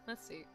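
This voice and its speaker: Giggly British woman streaming a game. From Britain. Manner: chatty, giggly, talks to chat. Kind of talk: casual game stream, reading story text aloud.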